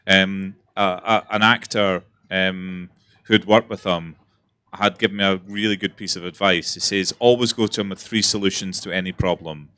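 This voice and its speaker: A man's voice: low-pitched, fairly even intonation, moderate pace, bright, forceful tone, no room sound. A man with a Scottish accent, a theatre director speaking frankly and earnestly on a festival panel. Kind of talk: panel discussion.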